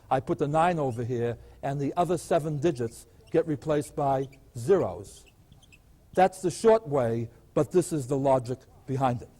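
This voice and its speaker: An older man teaching math at a blackboard, his voice sitting a little high for a man. He explains each step patiently and keeps asking the class rhetorical questions as he goes. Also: dark tone. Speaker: math professor. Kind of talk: chalkboard math lecture.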